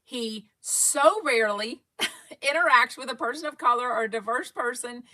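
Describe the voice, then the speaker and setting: Reading viewers' comments aloud between rambling asides, a Texan fan podcast host chats through a casual livestream. Her voice is a little high and sharp, and she talks at a normal speed with a Texan accent.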